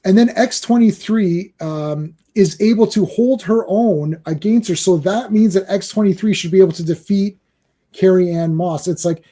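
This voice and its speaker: Male guest, 40s, mellow and slightly high-pitched, rambling conversational delivery. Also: normal speed. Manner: rambling, with many restarts and fillers. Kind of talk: casual chat.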